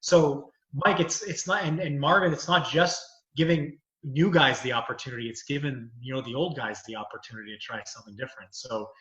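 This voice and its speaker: Brisk and barely pausing, a man at medium pitch with a fairly bright tone tells meandering stories in a casual chat. He works as both comedian and lawyer and keeps saying "you know." The recording is muffled and reverberant.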